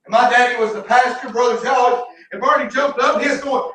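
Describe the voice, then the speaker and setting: A Southern man in his thirties preaching a folksy, story-filled sermon with shouted bursts, heard from a distance in a church sanctuary. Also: extremely high pitch, brisk, heavy reverb. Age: 30s. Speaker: pastor. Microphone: distant from the mic.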